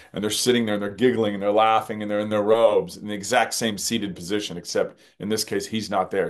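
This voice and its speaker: A man, a film director as guest, talks in a reflective interview, earnest and musing, often repeating phrases. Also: on the low side.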